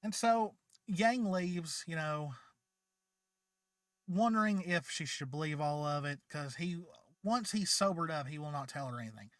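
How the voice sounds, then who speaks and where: A man's voice: fairly high pitch, expressive, measured pace, fairly bright tone, dry recording, studio quality. A man hosting his channel, casually retelling a fan story in a chatty, rambling way with many fillers, and sounding tired. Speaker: channel host.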